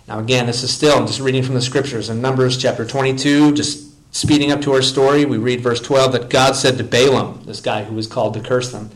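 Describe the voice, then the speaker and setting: A man's voice: medium pitch, fairly even intonation, fairly quick, poor audio. A man preaching a sermon at a church service, reading scripture expressively and breaking off for casual asides. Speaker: pastor.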